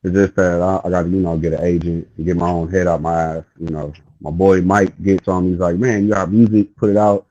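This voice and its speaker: A man hosting a podcast in relaxed casual chat, rambling and saying "you know" a lot. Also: deep voice, a little fast, hardly any pauses, dull audio. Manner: laid-back, rambling, with lots of "you know". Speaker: podcast host.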